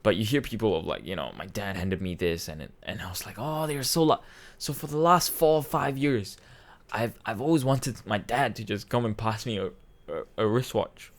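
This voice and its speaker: A man's voice: lowish voice, lively intonation, normal speed. A man in his twenties, a vlogger, telling a personal story in a rambling, emotional way with many restarts, choked up and near tears. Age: 20s. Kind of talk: casual storytelling.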